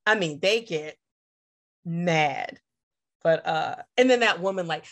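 A woman co-hosting a casual chat, animated and acting out quotes in lively voices. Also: lowish voice, normal speed. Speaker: podcast co-host.

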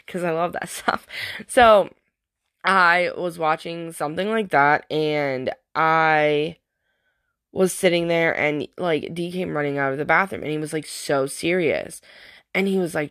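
Chatty young woman with a low voice. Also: no echo, clean studio sound. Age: young adult. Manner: chatty, laughs often, says "like" a lot. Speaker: vlogger and stepmom. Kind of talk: casual storytelling vlog.

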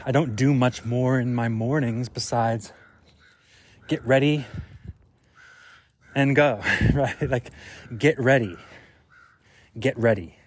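A man thinks aloud as he walks outdoors, with an unhurried, drawn-out delivery. His pitch sits in an ordinary middle range, and his reflective solo talk is loose and full of small fillers. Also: steady tone. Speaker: podcast host. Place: outdoors on a walk.

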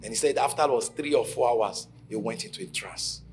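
A man preaching a sermon at a conference, telling stories and acting out the quotes, from shouting to near whispers. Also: mid-range voice, brisk, over music. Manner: dramatic storytelling, acting out quotes, swinging from shouts to hushed lines. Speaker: pastor. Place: conference stage.

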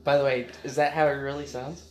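A co-host in casual podcast chat, chiming in with teasing interjections and quick reactions. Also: mid-range voice, level tone, a little mellow. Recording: echoey room.

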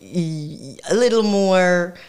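A woman with a Jamaican accent, the guest artist, explaining things in a relaxed, casual interview. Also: on the low side, drawn-out words, clean tone.

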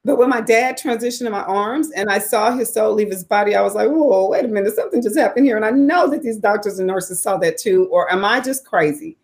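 A Southern US woman in her forties tells her own story candidly and expressively, cursing freely and pushing her voice high for emphasis. She talks briskly with hardly any pauses.

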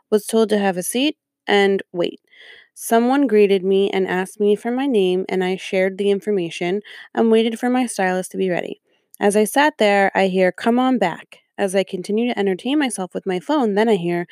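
A woman with a darkish mid-range voice reads a customer review aloud, reacting as a commentator and repeatedly breaking off into sarcastic, profane, exasperated rants. The recording is clean studio sound with no echo.

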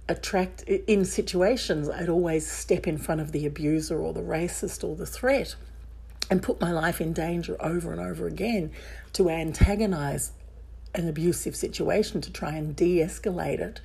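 A woman with a slightly low, mellow voice and a soft husky edge tells a personal story to camera. She talks candidly and with emphasis, looping back and restarting sentences as the thoughts come.

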